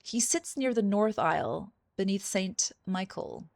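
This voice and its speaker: A woman reading the lines of a calm, formal male village priest aloud while playing a game, in a measured, courteous way. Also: mid-range voice, vocal fry, dry recording.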